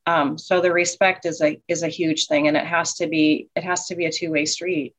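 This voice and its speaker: Casting: low-voiced woman, childcare center owner, heartfelt and rambling, plenty of restarts. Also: flat delivery, normal speed. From Nebraska. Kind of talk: casual interview chat.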